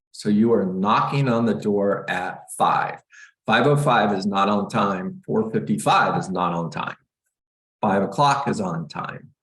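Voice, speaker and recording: Man, low voice, middle-aged coach, energetic, joking, echoey room. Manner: energetic, joking, acts out scripts. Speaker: real estate coach. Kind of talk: live training session, coaching agents.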